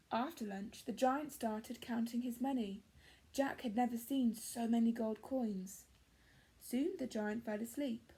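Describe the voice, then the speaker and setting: A woman teacher with an English accent, reading a picture book aloud to young children in a clear, gentle storytelling manner. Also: fairly high pitch, unhurried. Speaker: primary school teacher.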